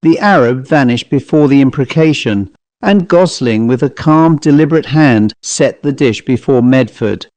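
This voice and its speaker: A man narrating a ghost story in a measured, even storytelling manner. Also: medium pitch, dry recording. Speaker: audiobook narrator.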